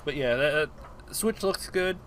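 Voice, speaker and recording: Bright-voiced man giving opinions. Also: fairly high pitch, animated, moderate pace, a little hiss or hum. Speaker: podcast co-host. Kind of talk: casual gaming chat.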